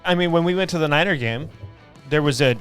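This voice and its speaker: A man co-hosting a casual sports podcast, talking in halting bursts with frequent restarts. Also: fairly high pitch, fairly bright tone, smooth, faint music behind. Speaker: podcast co-host.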